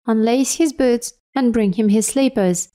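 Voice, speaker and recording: A kind, cheerful neighbor woman fussing over a tired man, read by a woman narrator. The voice is mellow and soft, with a gentle lift as she offers tea. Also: fairly high pitch, a little slow, pitched above the performer's own voice, natural voice.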